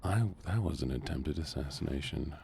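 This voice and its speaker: A soft-spoken man with a Southern US accent, chatting with viewers during a relaxed gaming stream. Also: very deep voice, normal speed, gravelly, slight background noise. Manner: relaxed, chatting to viewers between game moments.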